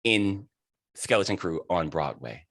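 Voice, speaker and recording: Effusive low-voiced man hosting an interview. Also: animated, measured pace, a bit bright, no echo, studio quality. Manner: emotional, effusive, laughing. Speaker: host and director. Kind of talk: heartfelt interview introduction.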